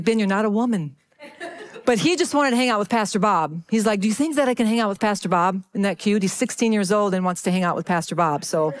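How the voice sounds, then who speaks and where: A middle-aged woman pastor telling a story from the pulpit in a chatty, animated way, often checking in with her listeners. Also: medium pitch. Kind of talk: sermon storytelling.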